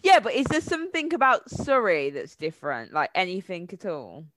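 A woman's voice: medium pitch, wildly swooping pitch, normal speed, a bit bright. Enthusiastic young Brummie woman. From Birmingham, England. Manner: enthusiastic, emphatic. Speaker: guest, presenter. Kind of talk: casual interview chat.

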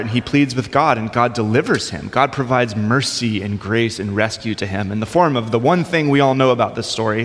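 Pastor, male, relaxed conversational preaching with humor, sanctuary reverb. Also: mid-range voice. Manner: conversational, informal with light humor. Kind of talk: sermon. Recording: long hall reverb.

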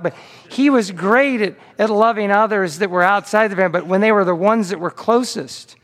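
A man's voice: high-pitched, brisk, fairly bright tone, long reverb tail. A man pastor delivering a sermon, telling a story with frequent repeated words on restarts.

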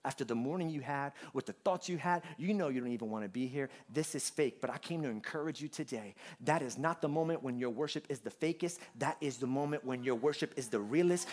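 A man preaching a sermon, moving from quiet, humorous storytelling to loud, rising preaching. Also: mid-range voice, a little fast, hardly any pauses, crowd noise, background noise. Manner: humorous, conversational asides. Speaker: pastor.

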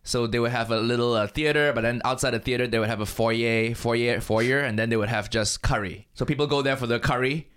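A man's voice: medium pitch, fairly even intonation, a little fast, few pauses, fairly bright tone, clean tone. A man from Malaysia, a stand-up comedian, telling laid-back stories in casual chat and swearing freely.

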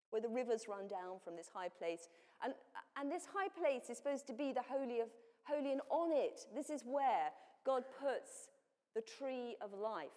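A woman's voice: a little high, dark tone. Woman preaching in a reverberant hall. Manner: plain, explanatory teaching with frequent self-corrections. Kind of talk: sermon.

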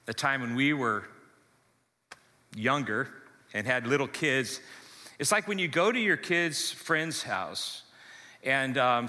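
Lively male pastor, bright forceful voice, long church reverb. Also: fairly high pitch. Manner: animated storytelling, acts out voices. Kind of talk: sermon.

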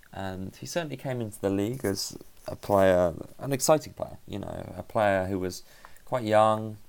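Deep and creaky with a darkish tone, this man's voice carries his solo football podcast. His delivery is conversational and analytical, and he frequently stops to fix what he just said.

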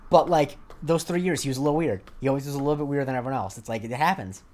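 With a medium-pitched, slightly mellow voice, a young podcast co-host talks rapid-fire in casual conversation. He rambles and restarts often, using many fillers, and a faint hiss or hum is audible.

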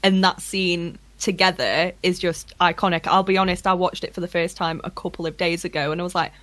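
Woman, candid, lively, casual swearing, dry sound. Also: fairly low pitch, a little fast, no room sound. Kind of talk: casual chat.

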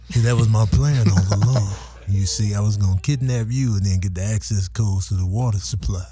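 A man's voice: lowish voice, normal speed, mellow, slightly rough, no echo, soft background music. Man doing a gloating cartoonish villain. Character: male villain gloating over a kidnapping plan.

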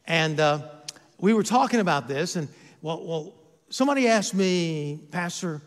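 High-voiced man preaching in a big hall. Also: animated, normal speed. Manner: preaching with rhetorical questions, varying loudness. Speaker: pastor. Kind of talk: sermon.

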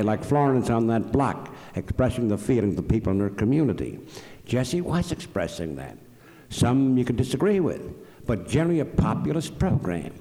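A man at a public forum telling stories and giving opinions in an animated way, firing off rhetorical questions. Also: medium pitch, normal speed. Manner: acts out quoted voices, emphatic rhetorical questions. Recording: long hall reverb.

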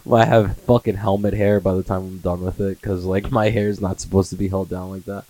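Twenty-something guy riffing, cursing nonstop, laughs a lot, low mellow voice, dry close sound. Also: little pitch movement, moderate pace, dry recording, poor audio. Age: 20s. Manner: profane, laughs often, mocking impressions. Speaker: comedy podcast host. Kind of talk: casual comedic monologue.

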